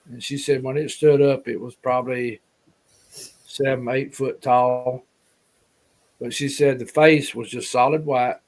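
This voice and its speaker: A man with an Alabama Southern accent, a guest telling a story in a casual, folksy, rambling way and repeating himself. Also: medium pitch.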